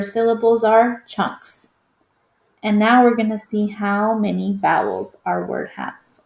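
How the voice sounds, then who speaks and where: A woman's voice: mid-range voice, vocal fry, reverberant. A woman teaching a phonics lesson to young children, patient and encouraging, stretching out each vowel sound.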